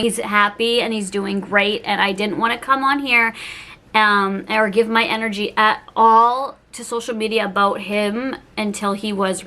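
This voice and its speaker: A woman's voice: medium pitch, sharp tone. A woman vlogging at home, telling a personal story in an emotional, rambling way, full of "like". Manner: emotional, rambling, says "like" a lot. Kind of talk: casual personal vlog.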